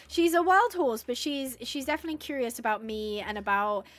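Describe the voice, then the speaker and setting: A woman's voice: sits high, animated, normal speed, hardly any pauses, fairly bright tone, faint music behind. A woman chatting casually on a live game stream, reading out viewers' suggestions and cooing at animals. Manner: chatty, reads out chat suggestions, coos at animals. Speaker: livestreamer playing a horse-rescue game.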